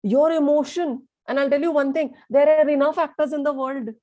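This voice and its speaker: A young woman with an Indian accent teaching an online lesson in a lively way, mixing in Hindi and asking her listeners questions. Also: high voice, brisk, dry recording, lo-fi sound. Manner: lively, switches between English and Hindi, asks the audience questions. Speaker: communication skills teacher.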